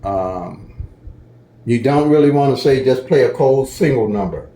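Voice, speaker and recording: Chatty man with a mellow voice in an echoey room. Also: mid-range voice, expressive, measured pace. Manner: folksy, chatty, repeats "okay?" to check in. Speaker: lottery strategy teacher. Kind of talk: casual tutorial walkthrough.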